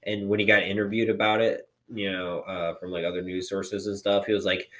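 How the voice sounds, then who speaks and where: Low-ish guy podcasting, loose rambly chat, lots of ums. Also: little pitch movement, fairly quick, hardly any pauses, a bit bright. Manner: rambling, filler-heavy, swears for emphasis. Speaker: podcast co-host. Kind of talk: casual chat.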